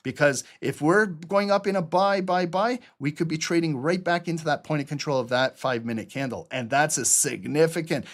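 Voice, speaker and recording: A man hosting a live trading stream, walking viewers through charts in a casual, energetic way. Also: a little high, a little fast, hardly any pauses. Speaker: trading channel host.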